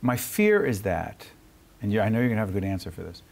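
A man's voice: fairly low pitch, big pitch swings, quick pace, gravelly, darkish tone. A man hosting a TV studio interview who keeps interrupting with probing questions and plays devil's advocate. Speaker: TV interview host.

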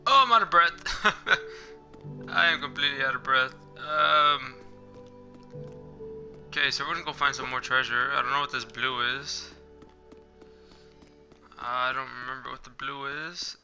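Young male gaming host, bright and upbeat, casual play-by-play with squeaky sound effects, soft music underneath. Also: moderate pace, long pauses. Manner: excitable, makes high-pitched "pew pew" gun noises. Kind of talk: casual gameplay commentary. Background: game music.

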